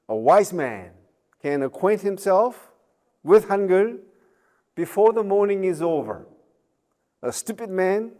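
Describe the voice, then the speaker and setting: A man's voice: sits high, dark tone. A man giving a recorded university lecture, chatty, with joking asides, many fillers and tag questions.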